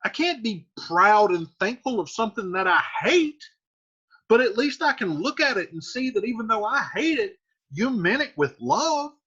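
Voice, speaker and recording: A man's voice: high-pitched, very animated, moderate pace, pushed and bright, slightly rough, pitched above the performer's own voice, exaggerated voice. A man doing a pleading teenage girl. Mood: defiant. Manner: earnest, then paraphrased in casual speech. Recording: dull lo-fi recording.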